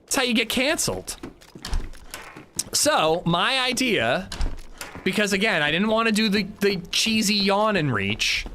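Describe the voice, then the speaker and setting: Laughing along while streaming a game, a young man spins a lively, casual story for his viewers and reads their chat out loud. The voice is high, with some hiss or hum in the recording.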